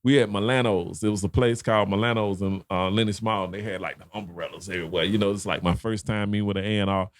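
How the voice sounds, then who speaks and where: A man's voice: lowish voice, steady tone, fast, few pauses. Rambling man telling a story. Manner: rambling, slangy, many fillers. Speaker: podcast guest. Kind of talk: casual storytelling.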